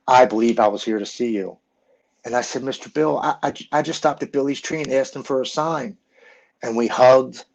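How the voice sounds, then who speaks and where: A man in his forties telling his personal story in an earnest, emotional way, often halting and restarting. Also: on the low side, highs cut off.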